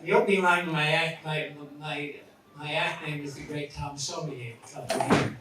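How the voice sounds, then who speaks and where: Elderly man reminiscing, slightly high voice. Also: fairly even intonation, normal speed, very noisy. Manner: warm-hearted rambling with asides. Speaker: speaker at a memorial. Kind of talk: reminiscing speech. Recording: echoey hall, far from mic, crowd.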